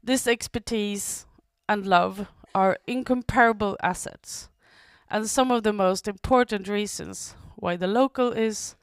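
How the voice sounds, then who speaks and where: A woman with a mid-range voice delivers a prepared talk in a steady, deliberate way. The sound is close and dry, with no room around it. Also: medium pitch, clear, resonant tone, no echo. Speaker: speaker and event moderator. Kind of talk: prepared speech.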